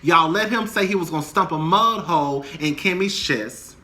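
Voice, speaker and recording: A man's voice: fairly high pitch, normal speed, pushed and bright. A young man angrily ranting about a reality TV show, heated, profane and emphatic. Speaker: commentator. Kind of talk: angry reality TV rant to camera.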